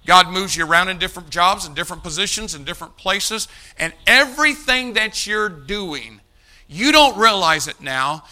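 Male preacher, bright, slightly high voice, emphatic, calls out to the congregation. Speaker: pastor. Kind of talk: sermon.

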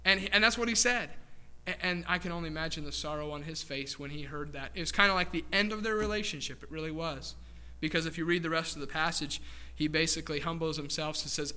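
A man's voice: a little high, brisk, pushed and bright. A man preaching a sermon in a church, emphatic and addressing the congregation directly as folks. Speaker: pastor.

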